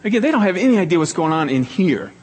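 Man, pastor, middle-aged, earnest storytelling sermon, repeats phrases, slightly higher voice, hall echo. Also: sing-song, fast, a little mellow, breathy edge. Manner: acts out quoted people in a higher voice. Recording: long hall reverb.

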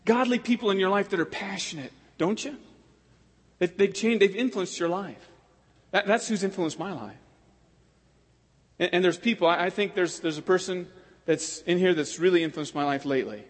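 A man, a pastor preaching a sermon with impassioned swings between loud exhortation and hushed prayer. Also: sits high, moderate pace, pauses often. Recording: long hall reverb.

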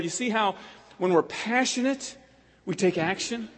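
A man, a pastor preaching a sermon with impassioned swings between loud exhortation and hushed prayer. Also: high voice, measured pace. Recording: long hall reverb.

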